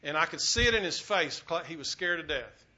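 A man preaching a sermon as pastor, telling a story earnestly, swelling loud and dropping quiet. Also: a little high, expressive, fairly quick. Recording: dull lo-fi recording.

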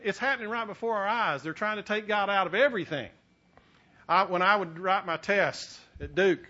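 A middle-aged man preaching a sermon as pastor, animated, building to emphatic peaks with frequent restarts. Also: high voice, dull audio.

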